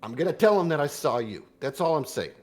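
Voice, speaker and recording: A man's voice: fairly high pitch, big pitch swings, fast talker. A man voicing a shifty, defensive male street meat vendor in a tabletop game, stammering and flustered as he talks. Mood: irritated.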